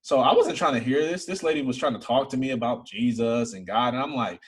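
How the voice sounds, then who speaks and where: A young man from Michigan, an interview guest, telling a personal faith story in earnest, building to excited emphasis. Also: mid-range voice, a little fast, slightly rough.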